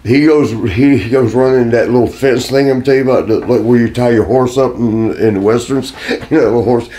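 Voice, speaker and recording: A man's voice: medium pitch, fairly quick. Male guest, laughing storyteller, casual. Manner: laughing through story, animated. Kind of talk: casual anecdote.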